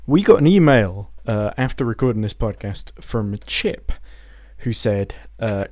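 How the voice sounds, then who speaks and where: A rambling man talking through a TV episode in easy conversation, his voice sitting a little low. The recording sounds dull and lo-fi. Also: animated, a little slow, a little mellow. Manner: rambling, chatty, laughs often. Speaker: podcast host. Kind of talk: casual chat.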